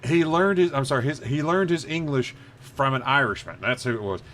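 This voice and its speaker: A man chatting on a livestream while he draws, wandering through long anecdotes and cursing casually. His voice sits at an ordinary middle pitch. A faint hiss of noise sits under the recording. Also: brisk, a bit bright. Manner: rambling storyteller, swears freely. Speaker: livestream host drawing. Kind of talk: casual chat while drawing.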